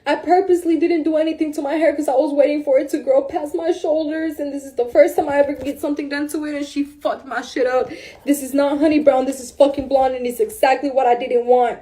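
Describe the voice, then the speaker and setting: Speaking fast in a high, steady voice with a warm tone, a woman shares the story of her salon appointment. It's an informal, emotional storytime, and she calls listeners "bro."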